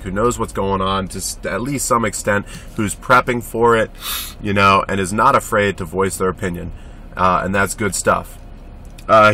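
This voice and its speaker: A man's voice: lowish voice, pushed and bright. A young man talking casually in a rambling, blunt vlog monologue, swearing freely. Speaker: vlogger.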